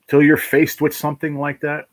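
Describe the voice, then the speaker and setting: A man's voice: a little high, completely flat delivery, a little fast. A middle-aged man hosting a casual livestream chat, blunt and emotional, swearing freely and wandering off on tangents. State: fighting back tears. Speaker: channel host.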